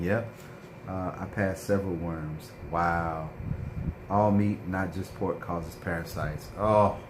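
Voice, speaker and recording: A man's voice: low voice, noisy background. A man vlogging in a casual chat, telling a rambling story with lots of fillers and reading out viewer comments.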